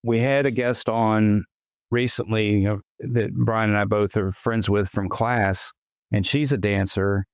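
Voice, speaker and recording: A middle-aged man hosts a podcast in an easygoing, conversational voice. His voice sits on the low side and the sound is dry and close. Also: clear, resonant tone, no echo. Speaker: podcast host. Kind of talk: casual interview chat.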